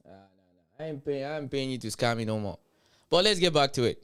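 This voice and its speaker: A man's voice: medium pitch, expressive, normal speed, clean tone. Blunt, profane man ranting on a live stream. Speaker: commentary streamer.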